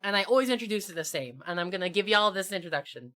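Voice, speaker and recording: A woman's voice: mid-range voice, expressive, quick pace, hardly any pauses, bright, forceful tone. A woman co-hosting a gaming podcast, chatting casually and enthusiastically, full of "like" fillers. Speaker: podcast co-host and game master. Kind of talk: casual chat.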